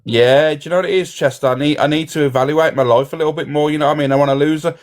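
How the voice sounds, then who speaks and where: A man's voice: on the high side, fairly even intonation, rapid-fire. A man hosting a live stream, rambling and swearing in casual chat. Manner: rambling, swears often, repeats "you know". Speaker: livestream host.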